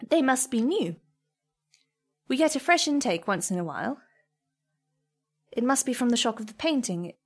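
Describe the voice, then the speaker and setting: A woman narrates a first-person story in a soft, measured, reflective voice. She sits a little higher in pitch than most women and keeps an even, unhurried delivery. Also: husky.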